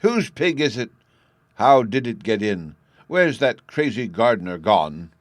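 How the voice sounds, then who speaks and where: A man voicing a domineering, fussy noble lady with a shrill, imperious manner. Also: sing-song, a little slow, no echo. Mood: shrieking.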